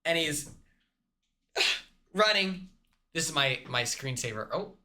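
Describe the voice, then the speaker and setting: A young man on a live stream, telling a made-up movie plot in a rambling, animated way, full of restarts. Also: on the high side, slow. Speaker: streamer, reality show contestant. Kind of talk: casual live-stream storytelling.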